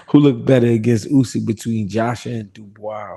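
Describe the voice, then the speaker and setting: Speaking slowly with long pauses and vocal fry, this man has a mid-range, dark, slightly rough voice and lively intonation. He runs a live boxing talk stream in laid-back slang, going through viewer comments, laughing frequently and saying things more than once.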